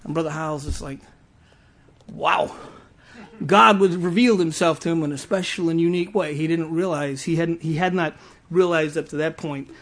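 A man's voice: fairly high pitch, normal speed, fairly bright tone. A male preacher giving a sermon to a live congregation, telling stories with stumbling restarts and teasing laughs.

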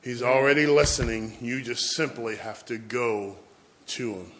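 In church, a middle-aged man with a mid-range voice preaches a sermon at a measured pace. He tells a story, moving between hushed asides and loud emphasis.

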